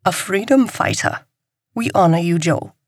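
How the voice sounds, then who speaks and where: Brief: woman doing a wary, formal male resistance contact in an audiobook, low and slightly distant. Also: expressive, a little slow, slightly rough, no room sound, clean studio sound, heavily acted.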